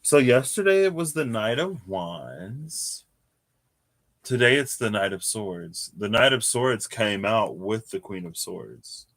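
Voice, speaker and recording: A man's voice: lowish voice, animated, takes it slowly, a bit bright. Chatty man reading tarot live. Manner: chatty, laughs often, drifts into asides. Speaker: tarot reader.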